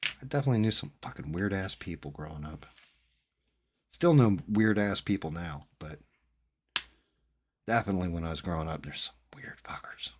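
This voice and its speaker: Host, middle-aged man from New Jersey; low-pitched, profane, rambling casual storyteller. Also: expressive, normal speed, pauses often, a little hiss or hum. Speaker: streamer host chatting with viewers. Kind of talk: casual chat.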